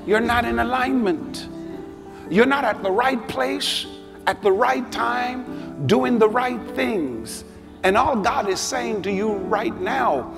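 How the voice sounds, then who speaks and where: A middle-aged man preaching a sermon as a bishop, telling a story with animated energy. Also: extremely high pitch, slow, creaky. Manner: animated storytelling, rising to shouted altar call. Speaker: bishop, pastor. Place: large church sanctuary. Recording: long hall reverb with music behind. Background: music.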